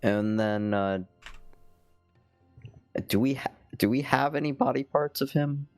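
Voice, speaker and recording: Slow, drawling man, low voice. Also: soft background music. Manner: slow, hesitant. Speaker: player. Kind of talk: casual tabletop game chat.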